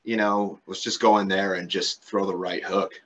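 A man's voice: low-pitched, flat delivery, normal speed, fairly bright tone. A man, a metal band's vocalist, chatting casually on a podcast, laid-back and freely swearing. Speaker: band vocalist, podcast guest.

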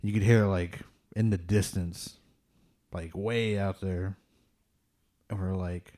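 Here a man tells ghost stories slowly, his low-pitched voice warm and steady, pausing often. It's casual and rambling, heavy on fillers, and he laughs nervously when things turn tense.

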